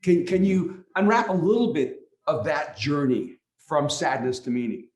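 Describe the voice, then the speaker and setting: A man hosting an interview podcast who speaks reflectively, pausing and searching for words. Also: on the high side, expressive, a little mellow, roomy sound. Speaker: podcast host. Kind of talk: interview conversation.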